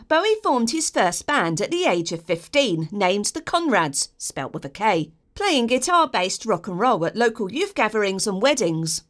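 A woman narrating a scripted biography, informative with wry personal asides. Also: a little high. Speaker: documentary narrator.

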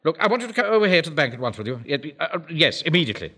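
An actor playing a pompous, blustering middle-aged bank manager who commands a home defence platoon. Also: male voice, on the high side, very animated, racing, noisy background. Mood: commanding. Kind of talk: broadcast sitcom acting.

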